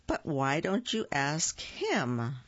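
A woman's voice: sits low, wildly swooping pitch, slow pace, slight background noise, exaggerated voice. A woman voicing a small chirpy mole in a children's storybook. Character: small busy tunnel-digging mole. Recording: dull lo-fi dry recording.

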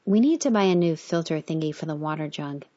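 A woman's voice: sits low, lively intonation, a little fast, dark tone. Tired annoyed young woman, read by a woman, clipped and fed up, kinda dull lo-fi sound. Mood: exasperated.

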